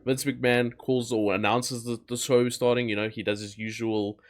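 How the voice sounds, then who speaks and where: A man's voice: mid-range voice, fairly even intonation, normal speed. Young male co-host, sarcastic and easygoing. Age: young adult. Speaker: podcast co-host. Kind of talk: casual chat.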